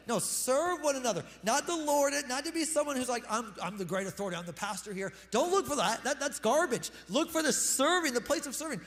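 Man, pastor, very high voice, animated sermon, loud emphasis, quick asides, long hall reverb.

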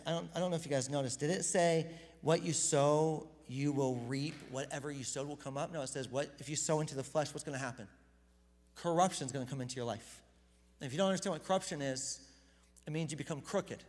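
A pastor giving a casual, conversational sermon, energetic and self-deprecating, often repeating words as he gets going. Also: sits high. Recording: reverberant hall.

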